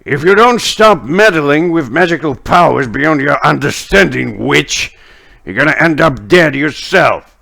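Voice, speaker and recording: A man's voice: fairly high pitch, expressive, a little slow, creaky, sharp tone, pitched above the performer's own voice, full character voice. A man voicing a stern male warrior who warns a witch in a dry, mocking way. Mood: sardonic.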